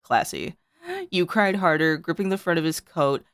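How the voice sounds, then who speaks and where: A woman's voice: sits low, expressive, normal speed, smooth, no room sound, clean studio sound. A woman streamer reading her old fan fiction aloud to friends, breaking off to swear and comment.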